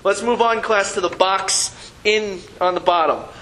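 Male language teacher, higher voice, slow and patient classroom delivery, playful. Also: fairly bright tone, a little hiss or hum, low-quality recording. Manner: patient, repeats syllables slowly for students, playful teasing. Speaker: Hebrew teacher. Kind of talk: classroom reading lesson.

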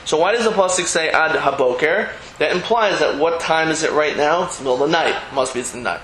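A man's voice: fairly high pitch, fairly quick, fairly bright tone. A man teaching a Talmud class, telling the story with acted-out quoted dialogue and explaining Hebrew and Aramaic terms in plain English. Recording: roomy echo, faint ambient hum.

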